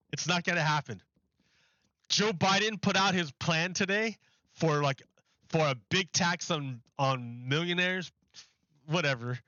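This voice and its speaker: A man's voice: on the high side, slow, long pauses, bright, forceful tone, no room sound, lo-fi sound. A man streaming live, rambling through a mocking rant in casual chat and laughing often.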